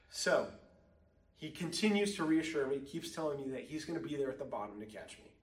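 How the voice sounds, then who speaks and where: A man's voice: medium pitch, expressive, brisk. A young man preaching a sermon, telling a personal story in a casual way with frequent ums. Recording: echoey room, mic at a distance.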